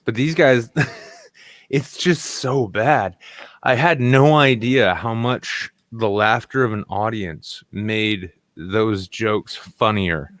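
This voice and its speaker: A man's voice: fairly low pitch, slow, fairly bright tone, no echo, studio quality. A young man from New England hosting a podcast, ranting sarcastically and swearing a lot in casual chat. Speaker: podcast host.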